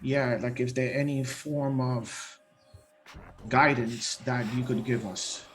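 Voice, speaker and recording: A man's voice: mid-range voice, fairly even intonation, slow, a bit bright. A man playing in a tabletop game, explaining rules emphatically to another player. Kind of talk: casual tabletop game chat.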